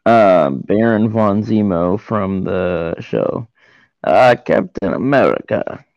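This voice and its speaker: A man co-hosting a podcast speaks in a low, gravelly voice with lively swings in pitch. He chats casually and cuts in with jokes. The recording sounds dry and slightly dull and lo-fi. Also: takes it slowly, no echo. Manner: joking interjections. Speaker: podcast co-host. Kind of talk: casual chat.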